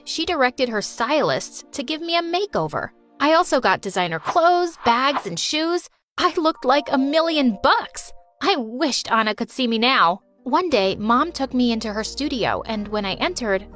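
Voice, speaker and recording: A woman narrating an animated story in the first person, lively and emotional as a teenage girl. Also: high-pitched.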